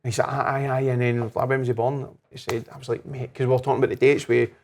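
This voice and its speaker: A man's voice: mid-range voice, fast talker, slight background noise. A Scottish man in his thirties, a guest on a casual podcast in a whisky lounge, telling family stories and acting out what people said. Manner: animated anecdotes, acts out quotes. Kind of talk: casual chat over whisky.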